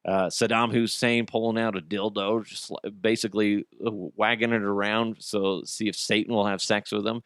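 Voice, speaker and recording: A middle-aged man hosting a podcast, telling comic stories in a casual monologue, swearing and acting out quotes in high voices. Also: steady tone, normal speed, few pauses, clear, resonant tone, no echo, studio quality. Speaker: podcast host.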